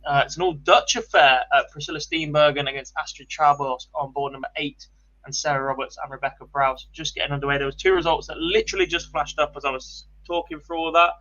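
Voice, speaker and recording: A man commentating live on darts, running briskly through results with light banter. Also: on the high side, steady tone, bright, forceful tone, highs cut off.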